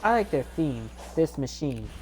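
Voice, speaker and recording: A low-pitched woman chatting through a let's play, recapping scenes in a loose, rambling way. She corrects herself often and slips into voices for the characters she quotes. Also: sing-song, measured pace, darkish tone, a little hiss or hum. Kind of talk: rambling game recap chat.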